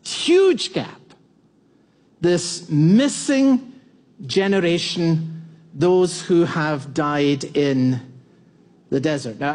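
A man's voice: on the high side, a little mellow. A man in his fifties preaching a sermon to a congregation, teaching verse by verse and asking for shows of hands. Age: 50s. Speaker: pastor. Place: church before a congregation.

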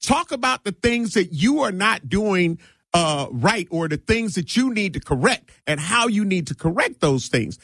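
A man hosting a morning radio talk show, talking in an animated, slangy, emphatic way. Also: high-pitched, normal speed, breathy edge, no room sound, clean studio sound.

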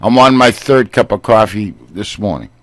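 A man's voice: on the low side, lively intonation, moderate pace, a bit bright, no room sound. A man with a Boston accent hosting a casual radio chat from the studio, easygoing and bantering. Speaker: radio host.

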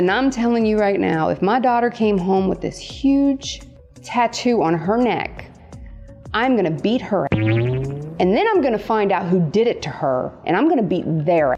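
A woman tattoo artist telling stories in casual chat, laughing often and jumping high in pitch when she quotes people. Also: a little mellow, dull audio. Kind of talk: casual storytelling.

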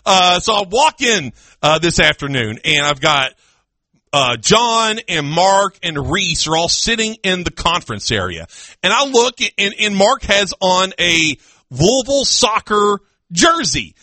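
A man's voice: high-pitched, a little slow, dry recording. A man hosting a casual sports radio talk show in a studio, ranting with mock indignation. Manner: excitable, mock-indignant rants. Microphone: studio microphone with headphones.

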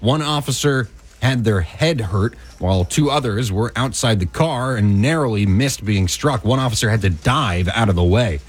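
Measured man reading radio news. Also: fairly low pitch, husky. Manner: even, measured news delivery. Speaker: radio newscaster. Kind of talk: read news bulletin.

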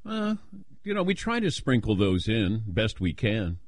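A man hosting a sports call-in radio show, self-deprecating and quick to laugh. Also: lowish voice, wildly swooping pitch, no room sound.

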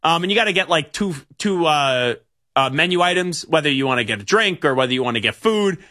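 A man's voice: a little high, lively intonation, brisk, pushed and bright. A young man hosting sports radio, telling stories in a rambling way with many restarts. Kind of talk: casual sports radio talk.

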